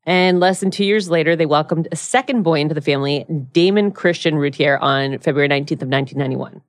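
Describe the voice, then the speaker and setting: A woman's voice: deep voice, fast, dry recording. A woman in her thirties co-hosting a podcast, telling a true crime case in casual chat and laughing and swearing freely.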